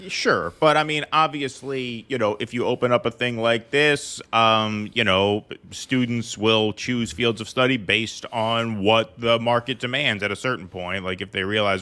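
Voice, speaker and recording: A man's voice: medium pitch, unhurried, few pauses, pushed and bright. A man co-hosting a political stream, giving blunt, sarcastic casual commentary.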